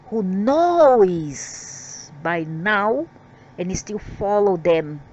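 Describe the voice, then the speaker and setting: A woman's voice: medium pitch, darkish tone, lo-fi sound, slight background noise. A woman reading out channeled spiritual messages in a rambling way, breaking into defiant, scolding asides.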